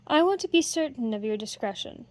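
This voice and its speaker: A woman reading a storybook voices an older master harper, a man who speaks in a measured, kindly but authoritative way. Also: on the high side, expressive, darkish tone, lightly acted.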